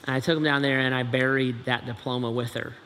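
A man's voice: mid-range voice, flat delivery, fast talker, a bit bright. Earnest man telling a story in a hall. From Dayton, Ohio, USA. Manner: earnest, conversational, frequent "right?" asides. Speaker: speaker. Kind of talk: personal storytelling talk. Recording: echoey large hall, faint ambient noise.

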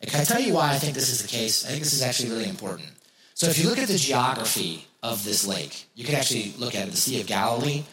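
A man's voice: medium pitch, very animated, fast, a bit bright. A man preaching a sermon as pastor, talking casually to his congregation, asking rhetorical questions and repeating key phrases for emphasis. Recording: roomy echo.

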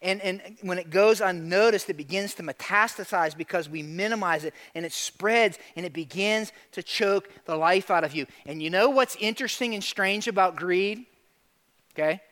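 A middle-aged male pastor preaching a lively sermon, acting out quotes and calling for amens. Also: high-pitched, moderate pace. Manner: animated preaching, asks for amens, acts out quotes.

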